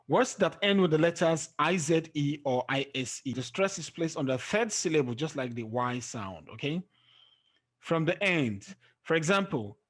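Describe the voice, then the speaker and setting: A man gives an exam-prep pronunciation lesson at an unhurried pace. His voice sits a little high, and he counts syllables out loud, one, two, three. He checks in often with a quick "okay?". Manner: drawls example words slowly and trails off at phrase ends. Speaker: English teacher.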